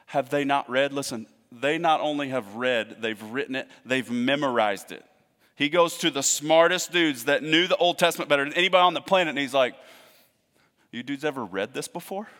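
A man preaching a sermon in a conversational way, swinging between loud emphasis and hushed asides. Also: medium pitch, fairly quick, big-room sound. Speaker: pastor.

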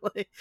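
A man's voice: extremely high pitch, no echo, lo-fi sound. Giggly man guesting on a podcast. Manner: giggly, keeps laughing while talking. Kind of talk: casual chat reviewing a cartoon episode.

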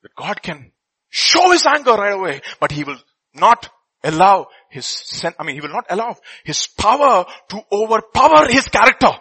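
Animated husky-voiced male preacher. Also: high-pitched, normal speed, low-quality recording. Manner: animated, swings from loud bursts to quiet asides. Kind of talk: sermon with scripture reading.

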